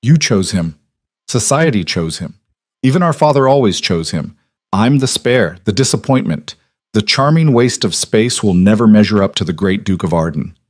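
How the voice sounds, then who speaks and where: A man's voice: lowish voice, lively intonation, moderate pace, dry recording, studio quality. A man doing a bitter, proud young nobleman. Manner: hollow, bitter.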